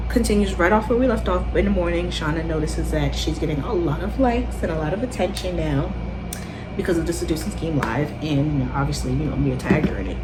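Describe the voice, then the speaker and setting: A young adult woman recapping a TV episode in a casual, slangy way, laughing often and animated. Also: sits low, low-quality recording. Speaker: vlogger reviewing a TV show.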